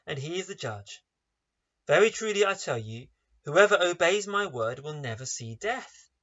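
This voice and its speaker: Animated preacher, bright voice. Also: male voice, a little high. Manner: emphatic, asks many rhetorical questions. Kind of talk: sermon. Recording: dull lo-fi online service recording.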